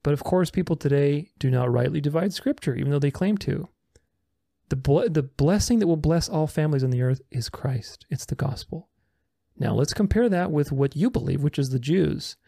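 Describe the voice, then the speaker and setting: A man's voice: on the high side, animated, normal speed, vocal fry, mellow, no room sound, clean studio sound. A man giving casual video commentary, reading viewer comments aloud and rebutting them in a sarcastic, argumentative way. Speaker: religious commentator responding to comments.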